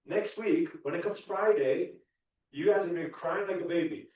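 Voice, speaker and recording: A man giving an animated, repetitive motivational talk to a live audience, chuckling often. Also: high voice, moderate pace. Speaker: spiritual coach. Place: large event ballroom. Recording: echoey dull hall sound from far off.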